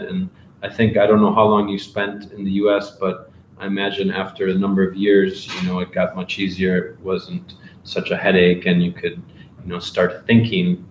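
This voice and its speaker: A man teaches a live online English class, reading out questions and answering them in a relaxed, encouraging way. His voice sits low. The room around him is echoey, with faint hiss in the background. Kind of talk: live Q&A office hours.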